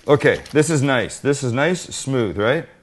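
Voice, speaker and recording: A man's voice: medium pitch, animated, a little slow. A middle-aged man hosting a casual cooking demonstration in his home kitchen, joking at his own expense while he works. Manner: joking, self-deprecating, talks while working. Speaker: cooking show host.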